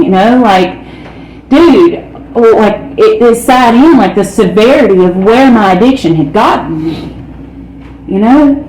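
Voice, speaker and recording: A woman speaks bluntly and candidly, telling her recovery story at a middle pitch. Her voice rings in an echoey room, with a faint hum of ambience underneath. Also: a little slow, darkish tone. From North Carolina, United States. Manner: candid and blunt, with frequent "man" and "you know". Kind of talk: personal recovery testimony. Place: meeting hall.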